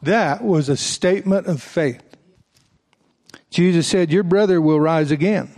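A male pastor with a somewhat high, slightly mellow voice preaches a sermon at a slightly slow pace. He reads scripture aloud, breaks off for folksy asides to his congregation, and raises his voice on emphatic passages.

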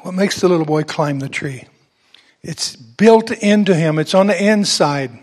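A man's voice: on the high side, measured pace, a little mellow. A man pastor telling a personal story in a sermon, building to fervent preaching.

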